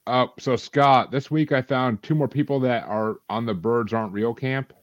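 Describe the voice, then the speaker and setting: A man's voice: mid-range voice, moderate pace, no room sound, muffled recording. A man co-hosting a podcast, telling stories in a rambling, hedging way. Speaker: podcast co-host. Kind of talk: casual chat.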